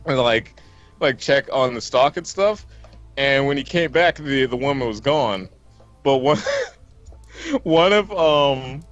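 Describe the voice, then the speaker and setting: A man's voice: medium pitch, expressive, slow, long pauses, lo-fi sound, faint music behind. A man telling a long anecdote in casual chat on a game stream, rambling and often breaking into laughter mid-sentence. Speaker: let's play co-host.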